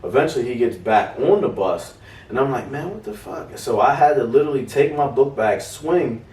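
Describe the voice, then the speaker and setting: A man's voice: mid-range voice, moderate pace. A young adult man co-hosting a podcast, telling a story in casual chat, swearing freely and acting out the voices of people in it. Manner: animated, swearing, acts out quoted voices. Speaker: podcast co-host. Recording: roomy, distant mic.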